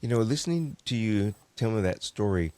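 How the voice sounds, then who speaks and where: Low-voiced male host, dry sound. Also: expressive, brisk, warm tone, no room sound. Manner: reflective, sums up the guest's points in his own words. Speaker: podcast host. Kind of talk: podcast interview conversation.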